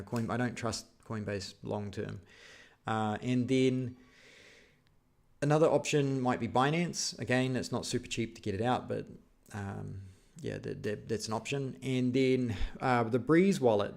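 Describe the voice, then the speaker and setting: A man's voice: mid-range voice, creaky, darkish tone. A man hosting a live stream, reading out viewer questions and answering them in a casual, rambling way with many fillers. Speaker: vlog host answering live chat.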